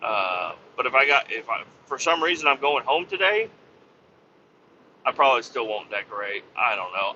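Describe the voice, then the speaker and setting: A man's voice: medium pitch, big pitch swings, moderate pace, sharp tone, dull audio, a little hiss or hum. A man rambling casually about family life, swearing freely and joking at his own expense, full of fillers. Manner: profane, rambling, self-mocking with many fillers. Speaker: podcast host and family man.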